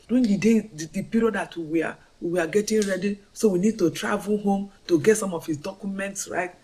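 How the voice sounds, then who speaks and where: A woman's voice: medium pitch, a little fast, hardly any pauses, warm tone. A middle-aged Nigerian woman telling her life story as a fervent faith testimony, repeating phrases with emphatic swings. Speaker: storyteller sharing a personal testimony.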